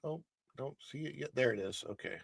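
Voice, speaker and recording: Guy rambling on his livestream, reading the chat, normal pitch, dry close sound. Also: expressive, fairly quick, vocal fry, slightly rough, no echo. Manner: chatty, rambling, reads the chat aloud. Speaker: livestream show host. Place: home studio.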